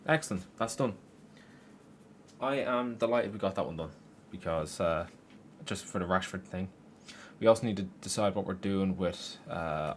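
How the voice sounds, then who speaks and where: A young man narrates his own football game from his bedroom in a fairly low voice. He keeps breaking into frustrated, sweary outbursts at the players and the game. A faint hum of keyboard typing sits behind him. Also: fairly bright tone. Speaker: gaming YouTuber. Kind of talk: gameplay commentary. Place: his room at home.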